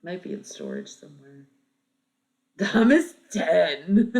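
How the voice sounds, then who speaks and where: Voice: mid-range voice, huge pitch swings, takes it slowly, vocal fry, pauses often, a little mellow. A streamer around thirty chatting casually with viewers, thinking aloud and swearing freely. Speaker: live streamer.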